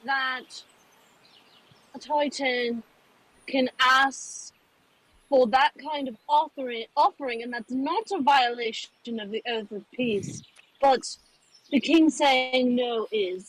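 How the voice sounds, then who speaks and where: High, husky-voiced skeptical woman. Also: lively intonation, takes it slowly, poor audio. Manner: skeptical, questioning. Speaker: player. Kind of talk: tabletop game banter.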